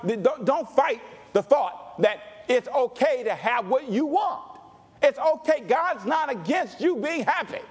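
A male pastor preaching a sermon with call-and-response, dropping to low asides and rising to shouts.

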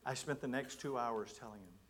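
A middle-aged man giving a sermon, telling a personal story in an animated way and acting out his own thoughts. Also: mid-range voice, brisk, a little hiss or hum. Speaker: guest preacher.

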